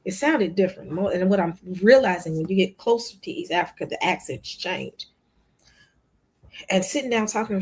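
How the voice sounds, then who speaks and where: Her mid-range voice is slightly rough and a little mellow, with lively intonation and a somewhat fast pace. She hosts a livestream show, chatting casually and telling stories to viewers she often addresses as "y'all," and she replays a conversation in quoted lines.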